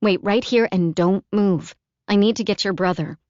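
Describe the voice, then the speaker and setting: A woman's voice: medium pitch, normal speed, a little mellow, no room sound, highs cut off, close to an everyday voice. A woman reading an audiobook, voicing a weary young woman caring for two small children, patient while holding in exasperation.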